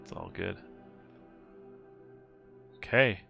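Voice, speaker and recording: A man's voice: very slow, highs cut off, over music. A man running a tabletop horror game as game master, talking casually with lots of fillers.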